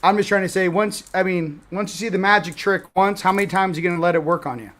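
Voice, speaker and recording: A man's voice: sits high, fast talker, a bit bright. A man hosting a casual livestream, joking and rambling, laughing at his own asides. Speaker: host.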